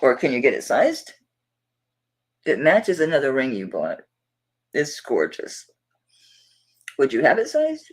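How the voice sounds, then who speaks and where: This middle-aged woman, speaking with a Southern accent, hosts a jewelry auction livestream and talks casually and affectionately with viewers. Her very deep, slightly rough voice swoops wildly in pitch, unhurried and with long pauses. The recording quality is rough.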